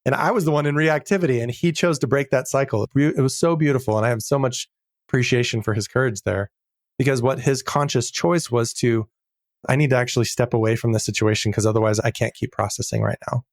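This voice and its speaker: A middle-aged man talking as a podcast guest in a casual interview, earnest and reflective, slowing down to stress key words. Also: medium pitch, fairly even intonation, no room sound, clean studio sound.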